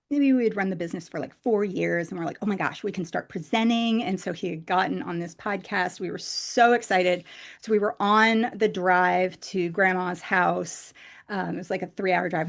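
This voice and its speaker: A woman in her forties giving a conference talk as casual storytelling, chatty, with many fillers and animated quoted voices. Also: mid-range voice. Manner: chatty, frequent "like" and "you know" fillers. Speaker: conference speaker.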